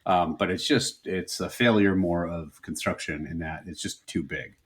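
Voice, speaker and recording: A man's voice: sits low, normal speed. A young man co-hosting a comedy podcast, rambling and joking in casual chat. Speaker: podcast co-host.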